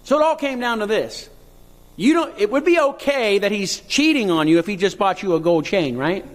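A male pastor preaching a sermon, reading scripture and rising to impassioned high cries. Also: animated, normal speed. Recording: long hall reverb.

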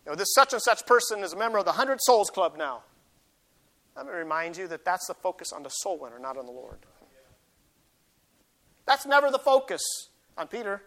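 Bright, high-voiced preacher. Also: male voice, very animated, fairly quick, pauses often. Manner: reads scripture aloud then explains it, rising to emphatic peaks; folksy asides with self-deprecating humor. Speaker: pastor. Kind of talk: sermon.

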